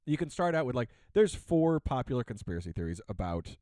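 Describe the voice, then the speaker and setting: A man's voice: mid-range voice, very animated, fairly quick, dark tone, dry recording. A man on a podcast, chatting casually in a sarcastic rant, full of fillers and restarts. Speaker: podcast co-host. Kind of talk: casual ranting chat.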